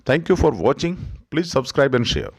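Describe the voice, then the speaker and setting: Lively-pitched Indian English teacher. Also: male voice. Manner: slow, instructive, repeats words for drill. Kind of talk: pronunciation lesson.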